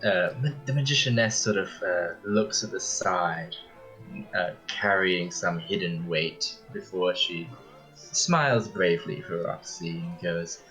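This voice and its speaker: Deep-voiced man narrating his play. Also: unhurried, bright, forceful tone, faint music behind, poor audio. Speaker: player. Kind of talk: casual role-play narration.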